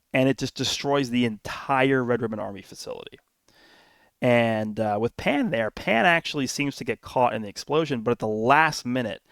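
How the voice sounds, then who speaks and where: A man's voice: medium pitch, no room sound. A man casually recapping a film plot for his channel, rambling with lots of fillers, restarts and little chuckles. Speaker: YouTube anime commentator.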